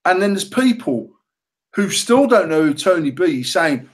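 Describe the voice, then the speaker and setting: A man, co-hosting a casual banter podcast, talking in a sweary, excitable way and laughing often. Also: high-pitched, normal speed, rough recording. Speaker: podcast co-host, mod company owner.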